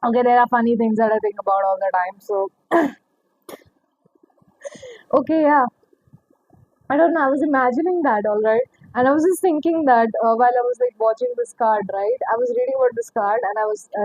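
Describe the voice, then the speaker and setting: A woman's voice: on the high side, brisk, a little mellow, no room sound, dull audio. A young woman giving a casual tarot reading, rambling, laughing often and swearing casually. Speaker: tarot reader.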